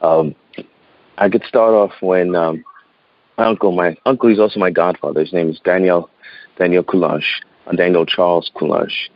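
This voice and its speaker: A very low-pitched man in his thirties recounts a personal story as an interview guest, speaking outdoors. His delivery is earnest and halting, with repeated words and frequent laughs. The sound is dull and dry, like a lo-fi line. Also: fairly even intonation, no room sound. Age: 30s.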